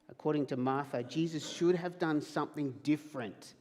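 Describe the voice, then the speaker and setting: A man's voice: fairly high pitch, normal speed, few pauses, darkish tone, long reverb tail. A man preaching a sermon as pastor, emphatic, acting out quoted questions. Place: church hall.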